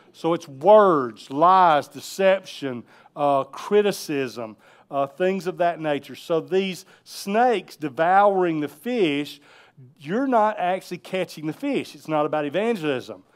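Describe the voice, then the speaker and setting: A man leads a church class on dream interpretation, his voice sitting a little high for a man. He talks in a relaxed, conversational way and keeps checking that the group is following along. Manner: relaxed, conversational teaching with frequent check-ins. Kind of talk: church teaching session.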